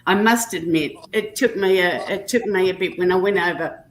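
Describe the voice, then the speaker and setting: A woman's voice: lowish voice, moderate pace, slight background noise, low-quality recording. An Australian woman chatting casually on a live stream, telling stories in an easygoing, anecdotal way. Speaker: guest on a live chat stream. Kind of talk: casual chat.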